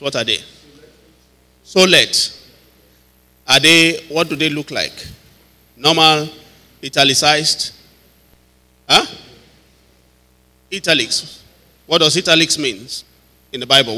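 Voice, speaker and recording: A man's voice: a little high, measured pace, long pauses, bright, forceful tone, in a large hall. A man teaching a Bible study as a pastor, talking conversationally, laughing often and asking listeners if they follow.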